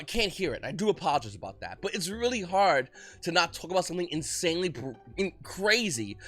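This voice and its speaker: A man giving excited, rapid market commentary as host of his channel, often restarting his sentences. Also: on the high side. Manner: talks fast when excited, frequent restarts. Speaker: trading card market commentator.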